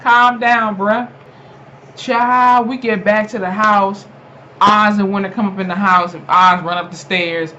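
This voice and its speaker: A young adult YouTuber chattily recapping a TV episode, animated and laughing often, with lots of fillers. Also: mid-range voice, a little slow. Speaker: TV episode reviewer. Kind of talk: casual spoken episode recap. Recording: dull lo-fi home recording with faint noise.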